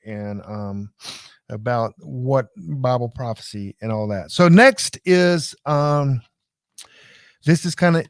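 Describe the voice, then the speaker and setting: A man's voice: mid-range voice, no echo. Rambling middle-aged man, dry close sound. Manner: rambling, animated storytelling with many restarts. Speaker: live show host. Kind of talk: casual live-stream chat.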